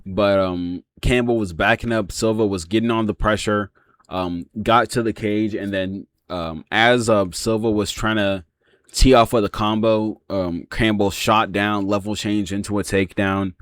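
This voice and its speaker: A man's voice: fairly low pitch, steady tone, a little slow, a bit bright, no room sound. A man casually breaking down a fight, rambling with lots of fillers and frequent swearing. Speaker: MMA reaction channel host.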